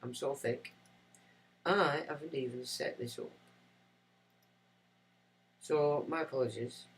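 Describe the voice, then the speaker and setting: A man's voice: medium pitch, takes it slowly, low-quality recording. A man hosting a livestream, rambling and self-mocking as he chats to viewers. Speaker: livestream host. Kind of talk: casual livestream chat.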